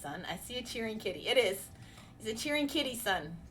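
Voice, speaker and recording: A woman live streamer chatting casually with her viewers while beading, excitable and laughing often. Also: fairly high pitch, fairly quick. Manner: giggly, excitable, frequently laughing.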